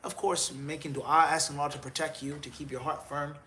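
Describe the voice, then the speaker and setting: A man's voice: fairly high pitch, little pitch movement, brisk, sharp tone, a little hiss or hum. A man answering live questions as a mufti, firm and exhorting, counting off points and joking about himself.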